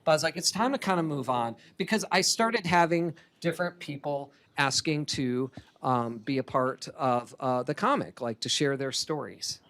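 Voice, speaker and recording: A man giving a keynote talk as a comic artist, lively and chatty, laughing often. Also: on the high side, normal speed. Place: conference hall stage.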